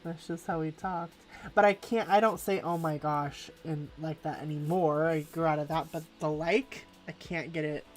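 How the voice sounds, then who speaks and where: A rambling, laughing woman, chatting on a live stream as she colors. Her voice sits a little lower than most women's. Soft music plays faintly behind her. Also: steady tone, moderate pace. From California, USA. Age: 40s. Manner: chatty, rambling, says "like" a lot, laughs often. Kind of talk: casual live-stream chat while drawing.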